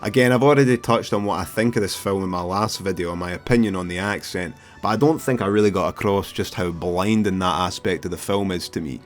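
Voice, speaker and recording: A man's voice: sits low, fairly quick, hardly any pauses, faint music behind. A man with a Scottish accent hosting a casual comedic film review video, brash and profane in his talk. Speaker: film reviewer and YouTube host.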